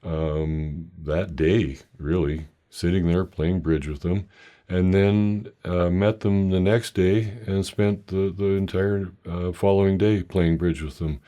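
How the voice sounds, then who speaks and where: An older man telling a meandering, self-deprecating personal story with halting restarts. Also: low-pitched, steady tone, mellow.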